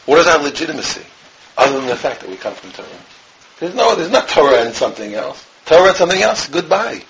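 A man from the United States, a rabbi teaching a Torah class, emphatic and repetitive, dropping from loud emphasis to hushed tones. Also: medium pitch, sing-song, fast, creaky, low-quality recording. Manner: emphatic, repeats phrases, swings between loud and hushed. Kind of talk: impassioned Torah lesson.

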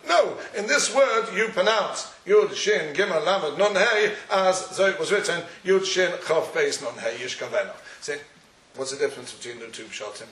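A man's voice: high-pitched, moderate pace, a bit bright. A man giving a Talmudic lecture, posing questions and answering them in a study-hall cadence. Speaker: Torah teacher. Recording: echoey room, far from the mic.

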